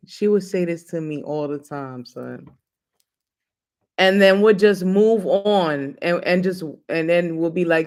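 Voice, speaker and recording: A man's voice: sits high, slow. A man hosting a casual chat show, talking in a loose, joking, slangy way. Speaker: host.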